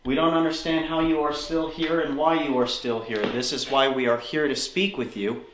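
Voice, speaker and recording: A man with a higher voice and fairly bright tone hosts a ghost hunt in an old building, earnestly pleading with spirits to answer. He speaks at normal speed with fairly even intonation, amid roomy echo and slight background noise.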